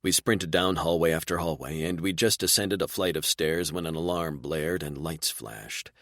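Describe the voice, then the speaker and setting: A male audiobook narrator with a very deep voice tells the story in steady, even first-person narration. The recording is dry and close, with no trace of room sound. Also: moderate pace, no room sound.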